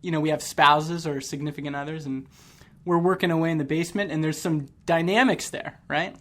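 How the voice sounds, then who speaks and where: A man's voice: fairly high pitch, steady tone, brisk, fairly bright tone. A man from Canada hosting a podcast, chatting casually and laughing often between rambling sentences. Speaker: podcast host.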